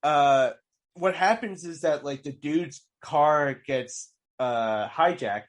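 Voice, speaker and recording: A man's voice: fairly high pitch, slow pace. A man co-hosting a podcast, chatting casually about a film, with lots of fillers and restarts. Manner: rambling, many fillers and restarts. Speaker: podcast co-host. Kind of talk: casual film review chat.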